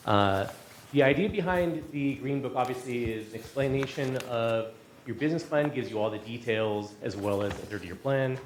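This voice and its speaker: A man's voice: medium pitch, noisy background. A man presenting a staff report to a community board, reading a disclaimer aloud and then explaining it with fillers, out of breath from the stairs. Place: boardroom meeting.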